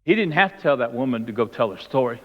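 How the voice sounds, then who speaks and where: This preacher talks fast and expressively at a medium pitch, voicing each character as he retells the story in his sermon. He's in a church sanctuary, and the dull, lo-fi recording carries a long reverb from the hall.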